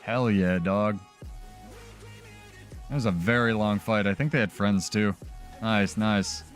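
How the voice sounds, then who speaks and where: A man's voice: lowish voice, steady tone, slow pace, soft background music. A man talking casually as a streamer during live gameplay, loose and chatty with many fillers.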